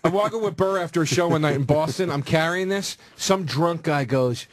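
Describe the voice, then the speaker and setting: A comedian guest in a radio studio, telling stories and acting out the other people's lines. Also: male voice, on the high side, fairly quick, crowd noise. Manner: animated storytelling, acts out quotes. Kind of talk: casual radio banter.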